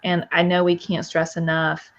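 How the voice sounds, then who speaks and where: A woman's voice: lowish voice, monotone, normal speed, highs cut off. A woman co-hosting a podcast, talking in a reflective, encouraging way. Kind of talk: casual conversational interview.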